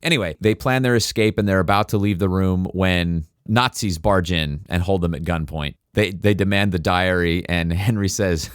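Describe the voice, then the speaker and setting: A man's voice: sits low, moderate pace, hardly any pauses, clean tone, dry recording, clean studio sound. A man co-hosting a podcast, recapping a film in casual chat and acting out its lines with laughs. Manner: animated storyteller, quotes and acts out scenes with laughter. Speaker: podcast co-host.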